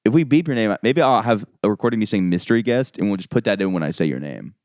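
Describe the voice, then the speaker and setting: A man hosting a casual comedy podcast, rambling quickly and laughing often. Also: on the low side, expressive, a little mellow, no room sound, clean studio sound. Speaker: podcast host.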